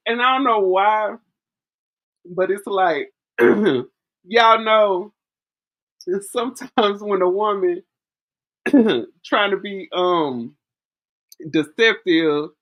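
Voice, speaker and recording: A woman's voice: medium pitch, fairly bright tone. A woman, chatting casually and animatedly about politics, telling stories with frequent laughs. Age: early 40s. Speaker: vlogger. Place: outdoors in wind.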